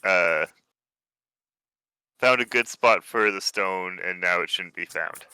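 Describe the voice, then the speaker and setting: A man narrating a tabletop game as game master, describing rooms with relaxed, hesitant phrasing and many fillers. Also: sits low, slow pace, clear, resonant tone, no room sound.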